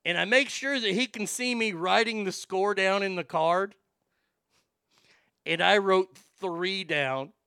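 A man casually telling a profane, animated anecdote and often laughing as he talks. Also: high-pitched, takes it slowly, clear, resonant tone, no echo, clean studio sound.

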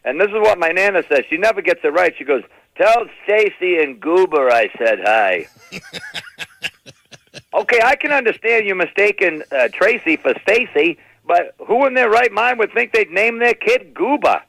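A man's voice: high-pitched, brisk, vocal fry, hardly any pauses, no echo, low-quality recording. A middle-aged man doing stand-up comedy, telling family stories and slipping into impressions of his relatives. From New England. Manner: animated, slips into impressions of relatives.

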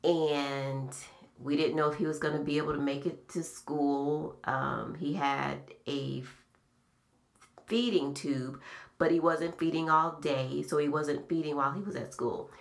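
A middle-aged woman hosting a podcast, telling personal memories in a slow, soft-spoken, reflective way. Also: low voice, steady tone, vocal fry. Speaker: podcast host. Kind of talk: casual heartfelt conversation.

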